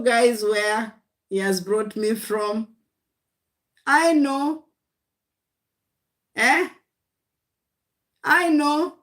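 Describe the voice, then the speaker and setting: A woman's voice: fairly high pitch, fairly bright tone. A woman preaching a livestream sermon. She speaks in short, repeated exhortations and often calls her listeners "guys.". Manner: speaks in short declarations of faith.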